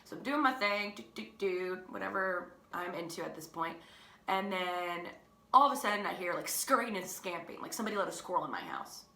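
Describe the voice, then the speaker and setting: Young woman teacher telling a story, bright voice, echoey room, chatty and self-mocking. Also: lowish voice, animated, a little fast. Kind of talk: casual storytelling.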